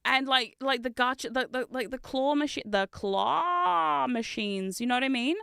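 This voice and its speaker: A woman streamer chatting casually with viewers while building Lego, excitable and giggly, and swearing when something goes wrong. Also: sits high, a little fast, clear, resonant tone, dry recording, clean studio sound. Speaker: VTuber streamer.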